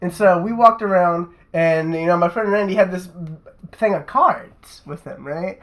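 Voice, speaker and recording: A man's voice: high voice, moderate pace, a bit bright, poor audio. A young man, a podcast host, telling a rambling, profane story in casual chat and tacking "right?" onto his sentences.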